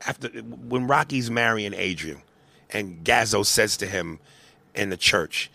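A man co-hosting a podcast in casual chat, animated and profane, acting out movie scenes as he talks. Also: on the low side, unhurried, creaky. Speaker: podcast co-host.

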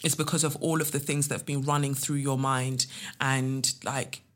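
A woman's voice: very deep voice, level tone, normal speed. A woman hosts a casual podcast from her living room, chatting playfully and reading tarot with spiritual asides. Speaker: podcast host.

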